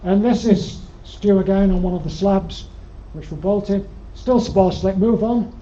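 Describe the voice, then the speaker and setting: In a lecture room, an older man with a Yorkshire accent gives a club slide-show talk as the alpine club's guest speaker, rambling and dryly funny with plenty of ums. His high-pitched voice is mellow and unhurried. It's captured on a dull lo-fi recording with a faint hiss of noise.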